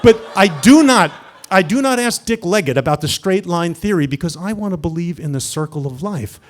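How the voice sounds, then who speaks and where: A man telling a comic story from his own life, animated, swinging between hushed and loud. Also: high-pitched, a little fast.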